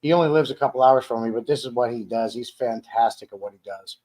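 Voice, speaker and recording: A man's voice: medium pitch, fast, a little mellow. A man hosting a casual home live stream in an easy, rambling way. He often restarts his sentences and repeats words as he reads viewer comments aloud and chats. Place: dining room at home.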